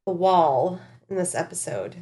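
A woman with a fairly low voice chatting about a TV episode. She is emphatic and speeds up when she presses a point. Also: expressive, measured pace, warm tone, slightly rough. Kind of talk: casual TV recap chat.

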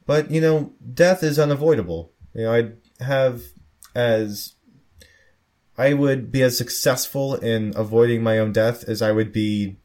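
A man's voice: medium pitch, a little mellow, lightly acted. A man voicing a friendly, wry woman palace guard with an American accent, making teasing small talk.

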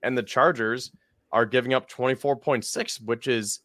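A man's voice: mid-range voice, normal speed, a bit bright, dry recording. Man rattling off team stats, dry sound. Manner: reads off stats in a rambling, self-correcting way. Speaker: podcast co-host. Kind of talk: casual sports podcast chat.

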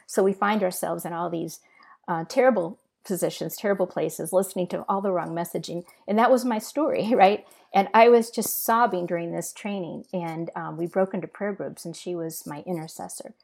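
A woman giving an emotional personal testimony as an interview guest, talking earnestly and halting with restarts. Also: lowish voice, vocal fry, a little mellow.

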